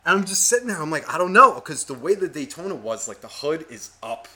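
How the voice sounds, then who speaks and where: New co-host, bright tone, swears a lot, rambling storyteller. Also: male voice, fairly high pitch, a little fast. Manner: profane, rambling, animated. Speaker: podcast co-host. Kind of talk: casual storytelling.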